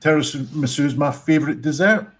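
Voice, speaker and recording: A man's voice: on the high side, brisk, husky. A man co-hosting a pun show, reading out listener jokes with playful asides. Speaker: co-host reading listener puns. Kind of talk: casual banter.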